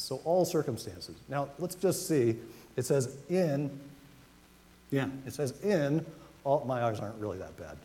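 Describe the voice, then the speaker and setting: A man preaching a sermon as pastor, talking conversationally and reading scripture slowly with emphasis. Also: medium pitch, expressive, mellow. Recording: long reverb of a hall, faint noise.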